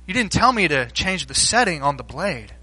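A literal-minded young son, as a preacher puts him on in a sermon story. The voice is pitched high and sounds bright. He answers in a flat, matter-of-fact way. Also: moderate pace, slightly rough, long reverb tail, exaggerated voice.

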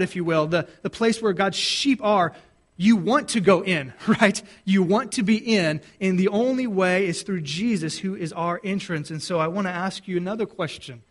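High-voiced pastor preaching a sermon. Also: male voice. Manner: asks the congregation questions and answers them; conversational with frequent restarts.

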